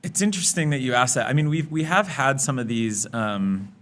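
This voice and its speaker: Bright-voiced man chatting casually. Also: medium pitch. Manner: chatty, quick to laugh, many fillers. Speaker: guest, app product lead. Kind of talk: casual podcast interview.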